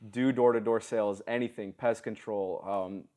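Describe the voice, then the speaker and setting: A man's voice: lowish voice, normal speed. A young man in his twenties, a podcast guest, telling stories in casual slang. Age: 20s. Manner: storytelling, lively, casual slang.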